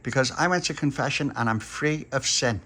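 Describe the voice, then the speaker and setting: Prim little girl done by a man, prompt and proper, bright. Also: mid-range voice, brisk, slightly rough, voice pushed up.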